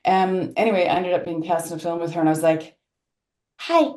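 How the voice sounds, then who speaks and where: Animated woman telling stories, roomy sound. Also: lowish voice, quick pace. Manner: animated storytelling with many restarts. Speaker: guest actor. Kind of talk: casual interview chat.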